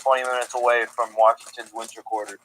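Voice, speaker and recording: A man's voice: mid-range voice, little pitch movement, fast talker, a bit bright. Easygoing man on a noisy line. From New Jersey. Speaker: voice-chat participant. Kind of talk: casual chat.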